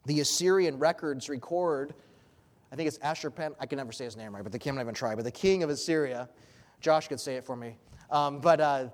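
A man's voice: medium pitch, fairly quick, in a large hall. A man preaching an expository sermon as pastor, earnest and emphatic.

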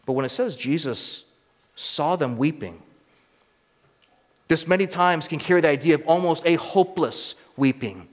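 A male preacher giving an expository sermon, teaching with emphatic rises and quiet asides. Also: a little high, lively intonation, normal speed, pauses often. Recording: long hall reverb.

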